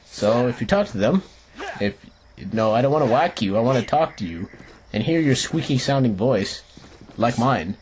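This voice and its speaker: With a medium-pitched, slightly mellow voice and lively intonation, a young man hosts a let's play at normal speed, a touch of hiss or hum audible alongside game music. He rambles and jokes playfully, restarts sentences, and talks to on-screen characters.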